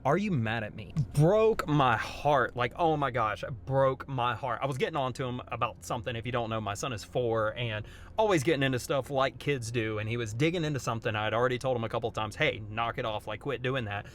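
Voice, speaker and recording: A man's voice: mid-range voice, fast, fairly bright tone, a little hiss or hum. A young man, a father, talking earnestly about faith in a personal devotional vlog, often restarting his sentences. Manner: earnest, heartfelt, with frequent restarts. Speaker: christian vlogger.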